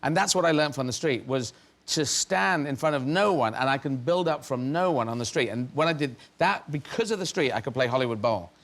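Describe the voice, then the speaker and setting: A man's voice: medium pitch, lively intonation, brisk, a bit bright. A middle-aged man from England, a comedian as interview guest, telling rambling, self-mocking stories and laughing mid-sentence. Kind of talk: anecdotal storytelling.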